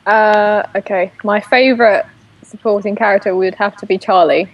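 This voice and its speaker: A woman with a London accent, a guest on a casual fan chat, answering hesitantly with many pauses and ums. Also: medium pitch, steady tone, vocal fry, rough recording.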